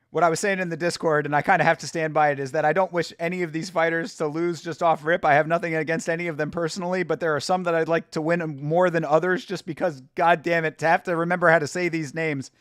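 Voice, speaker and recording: A man's voice: on the high side, a bit bright, dry recording, studio quality. A man hosting a fight watch-along stream, chatting loosely with viewers, joking and swearing a lot. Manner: loose, profane, joking, talking to chat. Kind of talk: casual livestream chat reacting to fights.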